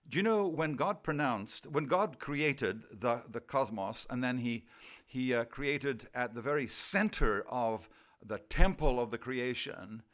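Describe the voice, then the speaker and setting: A man's voice: mid-range voice, a bit bright. A man speaking as a theologian at a church evening, opening with a prayer and talking in an earnest, self-deprecating way with rhetorical questions. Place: church gathering.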